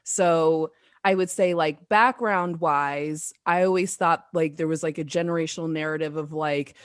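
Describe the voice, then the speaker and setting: A woman guest on a podcast with a slightly low voice, recorded dry and close with no room sound. She chats in a relaxed, laid-back way, filling her talk with fillers and laughing often. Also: no echo. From Colorado, USA. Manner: relaxed and chatty, with frequent laughter and many fillers. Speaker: returning podcast guest, esthetician. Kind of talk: casual podcast conversation.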